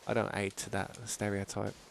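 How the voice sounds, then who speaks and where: Brummie male game streamer, low voice with gravel, chatty and meandering. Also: completely flat delivery, normal speed, slight background noise. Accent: Birmingham English. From England. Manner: rambling, chatty, reads chat messages aloud. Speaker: gaming streamer. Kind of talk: casual live-stream chat.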